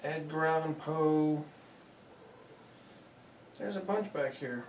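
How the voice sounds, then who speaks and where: A calm, patient speaker in a comedy sketch, recorded in a roomy space away from the mic. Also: medium pitch, slow. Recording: roomy and distant, faint ambient noise.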